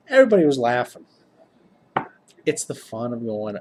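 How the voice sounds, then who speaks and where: A man's voice: medium pitch, sing-song, unhurried, pauses often, a little hiss or hum. A tired man, a game master, giving casual tips to camera in a rambling, upbeat way. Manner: rambling, self-interrupting, upbeat.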